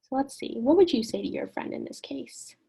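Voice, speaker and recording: A woman teaching an online lesson in a gentle, encouraging way, often putting questions to the listener. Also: sits high, expressive, fairly quick, creaky, husky.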